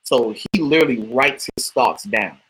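A man's voice: mid-range voice, expressive, moderate pace, fairly bright tone, breathy edge, low-quality recording. A man co-hosting a casual podcast, thoughtful, with teasing questions for the others. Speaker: podcast co-host. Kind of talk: casual chat.

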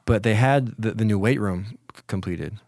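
A man in his forties, a former college football player, telling stories in a relaxed, reflective way during an interview, with many restarts. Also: on the low side, normal speed, dry recording, studio quality. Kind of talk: casual storytelling in an interview.

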